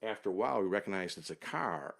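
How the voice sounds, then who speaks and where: A man telling a long travel story as an interview guest, unhurried and detailed, often trailing off low. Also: expressive, gravelly, a bit bright.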